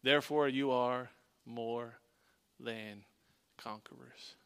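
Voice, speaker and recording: A man preaching a sermon as a pastor, emphatic, repeating lines and dropping to a hush for weight. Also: mid-range voice, fairly even intonation, slow pace, clear, resonant tone.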